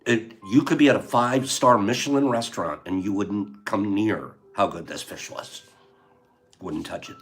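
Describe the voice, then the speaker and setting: A man's voice: on the low side, moderate pace, faint music behind. An older man hosting a casual livestream, emotional and heartfelt, laughing often as he chats with viewers. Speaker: livestream host.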